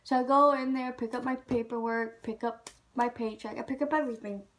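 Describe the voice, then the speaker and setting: Young woman, higher voice, blunt and swearing, storytime vlog. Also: brisk. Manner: frank, profane, animated retelling.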